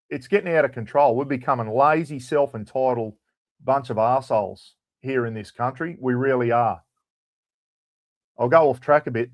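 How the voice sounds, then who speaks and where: A man's voice: mid-range voice, dry recording. An Australian man hosting a livestream, telling stories in a blunt, casual rant and swearing freely. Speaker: livestream host. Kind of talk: casual ranting chat.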